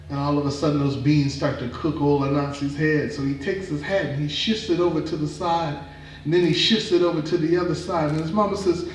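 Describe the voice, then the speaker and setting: Male storyteller, live folktale, dramatic drawn-out delivery, slightly high voice, very echoey room, faint room noise. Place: performance venue. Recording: echoey room from a distant mic.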